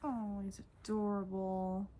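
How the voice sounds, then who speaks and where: A woman's voice: medium pitch, level tone, a little slow, mellow, a little hiss or hum. A woman vlogger showing off her toys in a casual, gushing way, often repeating herself. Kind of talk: casual toy show-and-tell.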